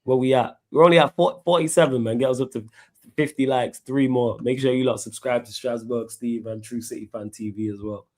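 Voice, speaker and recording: A man's voice: mid-range voice, fairly even intonation, brisk, darkish tone. A man hosting a live online chat, bantering and laughing with slang. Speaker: host. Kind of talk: casual live stream chat.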